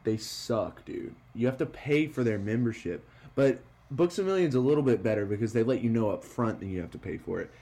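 A young man hosting a podcast in casual chat, animated, swearing a lot and laughing often. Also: mid-range voice, fairly quick, few pauses. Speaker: podcast host.

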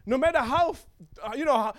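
A man preaching a sermon to a congregation, animated and laughing often, checking in with the listeners. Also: extremely high pitch, fast talker. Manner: animated, laughing, acts out voices of chickens and eagles; asks the congregation for responses.

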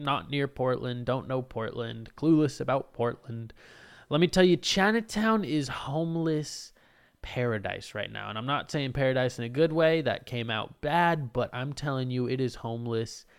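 A young man telling a story about his comedy gigs in a casual, animated and profane way, mocking himself. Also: medium pitch, clear, resonant tone.

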